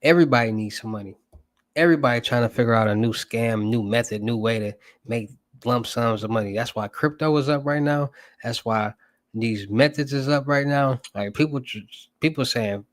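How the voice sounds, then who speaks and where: A man's voice: mid-range voice, moderate pace, dry recording. A young man with a Southern US accent, hosting a livestream in loose, rambling casual chat and asking his viewers for topics. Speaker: livestream host.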